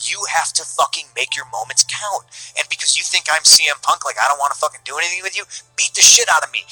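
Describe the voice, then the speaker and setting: A man tells backstage stories in a blunt, heavily profane way, his tone sharp and forceful. The recording is dry and close, with faint music running underneath. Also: medium pitch, fast talker, slightly rough, no room sound, rough recording. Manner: profane, blunt, retells heated exchanges. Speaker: wrestler in an archived interview. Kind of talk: candid podcast storytelling.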